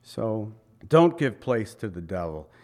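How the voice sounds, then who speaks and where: Speaking slowly in a fairly low voice, this male pastor is very animated throughout a conversational sermon. His delivery swings from loud, forceful outbursts to soft asides.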